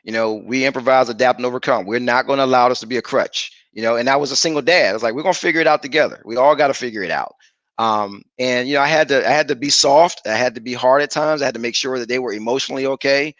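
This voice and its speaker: A man in his forties, a guest father speaking earnestly and reflectively over a video call, pausing with fillers. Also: medium pitch, a bit bright, dry recording. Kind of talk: casual interview talk. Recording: dry, dull lo-fi call audio.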